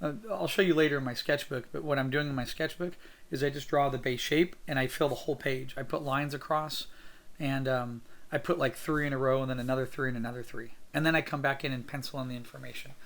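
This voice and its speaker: Upbeat gravelly man teaching drawing. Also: mid-range voice, steady tone, fast, fairly bright tone. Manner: upbeat, encouraging, thinks aloud with fillers. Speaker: art teacher sketching on camera. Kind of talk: casual drawing tutorial narration.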